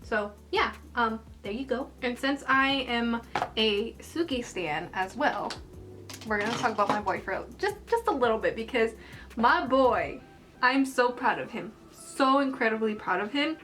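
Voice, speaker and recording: A young woman in a casual vlog, rambling excitedly about an anime episode while she does her makeup, gushing like a fan. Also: fairly high pitch, normal speed, over music. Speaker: anime review vlogger.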